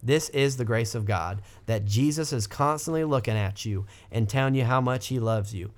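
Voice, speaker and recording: Fervent man preaching informally. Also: normal speed. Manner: fervent, exclaiming, lifts pitch when quoting scripture; rambling with restarts and asides. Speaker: podcast host teaching the Bible. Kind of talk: informal sermon.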